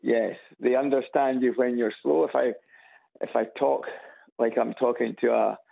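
A Scottish man calling in to a radio show on a speakerphone, speaking slowly and plainly. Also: medium pitch, fairly even intonation, vocal fry. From Scotland. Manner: slow, deliberate, plain-spoken. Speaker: caller. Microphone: phone on loudspeaker. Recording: tinny phone line on speaker.

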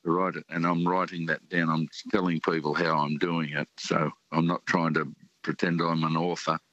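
An older Australian man calling in to a radio show, talking in halting phrases with many fillers. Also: deep voice, flat delivery, fairly bright tone, dry recording. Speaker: caller. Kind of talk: casual radio call-in chat. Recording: muffled phone line.

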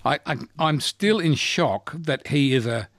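Lively Australian radio host in his sixties. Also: a little high, unhurried, no room sound, clean studio sound. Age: 60s. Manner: chatty, laughs often, trails off and restarts. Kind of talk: casual talkback radio chat.

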